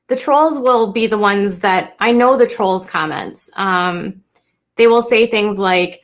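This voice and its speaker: A young woman talking unscripted to her live-stream viewers, halting and emotional, with many fillers and restarts. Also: medium pitch.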